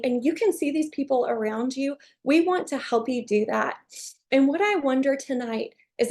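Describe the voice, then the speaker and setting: A woman giving an enthusiastic, chatty sales pitch to viewers on a video call, often saying "you guys" and "um". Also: a little mellow. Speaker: presenter of an online business call.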